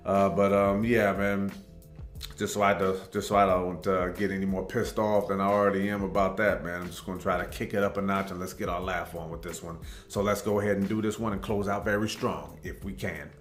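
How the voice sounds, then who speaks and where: A man's voice: low voice, flat delivery, a little fast, reverberant, faint music behind. A man hosting a reaction video, chatting in a rambling, friendly way with lots of fillers. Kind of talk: casual chat.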